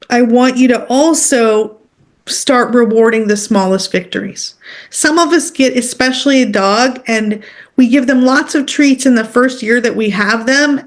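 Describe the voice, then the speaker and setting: A woman leading a workshop as an animal communicator, teaching in a direct, conversational way and checking in often with her listeners. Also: on the high side.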